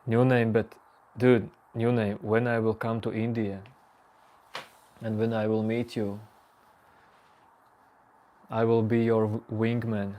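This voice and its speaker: A man's voice: lowish voice, little pitch movement, slow, pauses often, mellow. A man hosting a late-night livestream, casually teasing and joking with his chat viewers. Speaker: livestream host.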